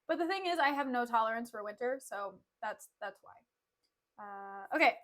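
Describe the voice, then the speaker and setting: A woman's voice: on the high side, lively intonation, moderate pace, a bit bright. A woman streamer chatting casually on a desk mic, filling her talk with "like" and laughing often. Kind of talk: casual livestream chat and play recap.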